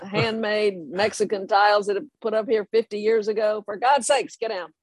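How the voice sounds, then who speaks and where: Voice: medium pitch, steady tone, normal speed, no echo, pitched above the performer's own voice, lightly acted. An older storyteller voicing an exasperated older male colonel who scolds. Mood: scolding. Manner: incredulous, scolding.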